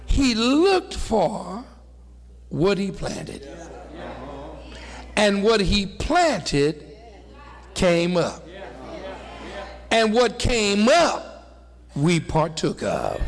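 A middle-aged preacher with a high, gravelly voice delivers a sermon in a slow, deliberate cadence. His lines swell to shouts and fall back low, with call-and-response phrasing, and his voice rings with the long reverb of a large church hall.

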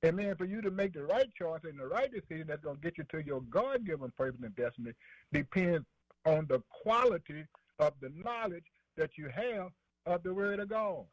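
A man's voice: fairly high pitch, lively intonation, a little fast, no room sound. A man a sermon, rhythmic and repetitive, calling out "man" and "boy" between phrases. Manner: preachy call-and-response, fillers like man and boy. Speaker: preacher. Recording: dry, dull lo-fi radio broadcast.

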